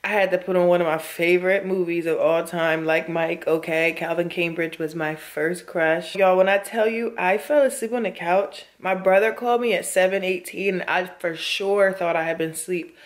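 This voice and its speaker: A woman's voice: on the low side, steady tone, normal speed, hardly any pauses. A worn-out woman talking casually to her camera in a chatty, emphatic way, often speaking straight to her viewers. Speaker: vlogger.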